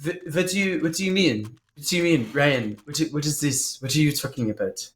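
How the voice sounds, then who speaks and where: A man doing an impression of a quiet, deadpan Frenchman with a put-on French accent, speaking flat and soft with no inflection. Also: a little high, brisk, lightly acted. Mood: deadpan dismissive. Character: quiet deadpan Frenchman who dismisses others.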